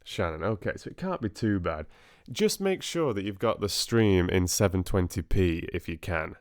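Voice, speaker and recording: A man's voice: deep voice, animated, normal speed, dry recording, clean studio sound. A man hosting a live reading stream, chatting casually and hesitantly with many fillers.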